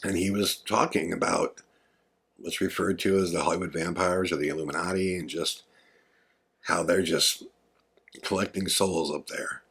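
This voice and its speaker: A man with a husky, breathy edge tells a long story as a podcast host. His manner is casual and confiding, wandering through asides and fillers. His voice sits very low with a gravelly fry. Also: steady tone, normal speed, pauses often, a bit bright. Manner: rambling, conversational, with frequent fillers.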